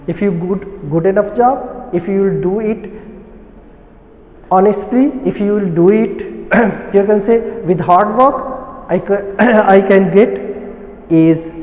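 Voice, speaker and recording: A man's voice: high-pitched, slow, a little mellow. A man teaching school students, explaining a story line by line, repeating and rephrasing each sentence. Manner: repeats and rephrases lines, glosses words in Hindi. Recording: echoey room with long reverb.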